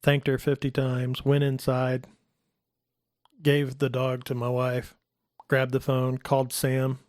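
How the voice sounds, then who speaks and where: A middle-aged man telling a personal faith story in a casual talk, animated and acting out the voices of the people in it. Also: takes it slowly, no echo, studio quality. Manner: animated, acts out quoted voices in a higher pitch. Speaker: guest telling his testimony.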